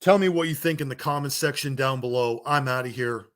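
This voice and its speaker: A man's voice: mid-range voice, a little fast, a bit bright. A man delivering a heated, blunt rant to his viewers, swearing and scolding them as a wrestling vlogger. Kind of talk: angry rant to camera.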